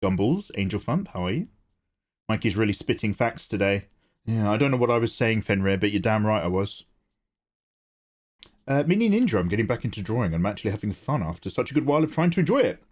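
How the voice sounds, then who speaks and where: A man's voice: fairly low pitch, sing-song, quick pace, a little mellow. Chatty man hosting a stream. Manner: chatty, self-deprecating, reads chat aloud. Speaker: art livestream host. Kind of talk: casual livestream chat.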